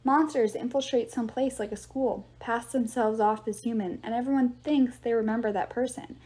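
A woman's voice: on the high side, fairly even intonation, normal speed, mellow, natural voice. Woman voicing a tired, worried teen girl. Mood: explaining. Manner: tired, subdued explaining. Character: weary, worried teen girl, calm and explaining. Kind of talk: audiobook reading.

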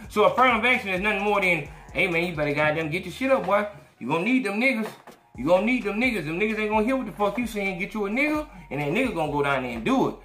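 A man hosting a podcast who tells stories in casual, profane, animated talk and acts out what others said. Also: high-pitched. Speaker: podcast host. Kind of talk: casual storytelling chat. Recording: echoey room, faint music.

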